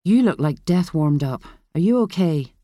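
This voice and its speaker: A reader voicing a gentle, reassuring male colleague in a storybook narration. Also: medium pitch, expressive, normal speed, no echo, clean studio sound, natural voice. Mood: concerned.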